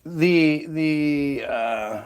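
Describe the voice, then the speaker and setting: A man talks straight to his viewers in a loose, rambling monologue. His voice sits a touch higher than most men's, and he leans hard on his points. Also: drawn-out words, smooth. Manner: emphatic, rambling. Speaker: vlogger. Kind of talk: casual monologue.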